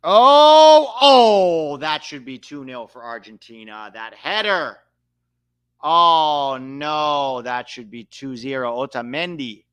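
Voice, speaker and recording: A man hosting a live match watch-along, calling the play with excitable outbursts. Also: mid-range voice, slow pace, smooth, dry recording. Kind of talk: live match reaction commentary.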